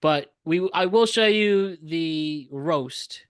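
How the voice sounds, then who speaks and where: A man hosting a casual podcast, explaining things to listeners with quick asides. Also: on the high side, clean tone, dry recording. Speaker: podcast host.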